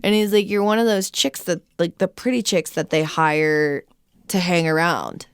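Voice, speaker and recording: A woman's voice: lowish voice, animated, moderate pace, clear, resonant tone, dry recording, clean studio sound. A woman co-hosting a podcast who chats loosely, laughs often and cracks crude jokes. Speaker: podcast co-host. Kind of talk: casual chat.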